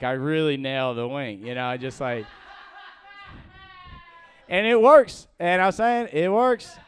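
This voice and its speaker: A young man doing a rambling, halting open-mic stand-up set, full of fillers and restarts, laughing at his own jokes. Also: fairly high pitch, smooth. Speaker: stand-up comedian.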